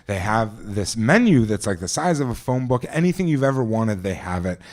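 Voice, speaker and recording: A man's voice: fairly low pitch, big pitch swings, normal speed, a little mellow. Man telling a live story on stage. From New Jersey. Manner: conversational, vivid, with frequent restarts and asides. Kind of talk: live first-person storytelling. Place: stage at a live event venue.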